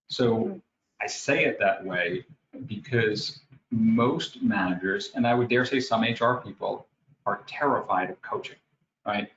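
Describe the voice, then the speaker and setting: A man from New York with a New York accent, a guest speaker telling lively stories in a webinar talk. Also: a little hiss or hum. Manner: lively storytelling, acts out scenes with rising pitch. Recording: roomy, dull lo-fi audio with faint ambience.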